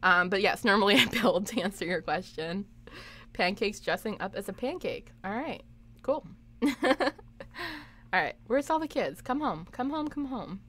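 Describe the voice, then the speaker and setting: A woman's voice: medium pitch, lively intonation, moderate pace, fairly bright tone. A young woman chatting through a live game stream, giggling often and reacting to her chat. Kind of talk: live gameplay commentary.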